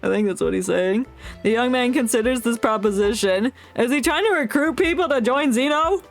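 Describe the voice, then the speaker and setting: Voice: medium pitch, a little fast, faint music behind. A streamer giving casual gameplay commentary, joking and reading dialogue aloud. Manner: jokey, reads dialogue aloud, laughs often.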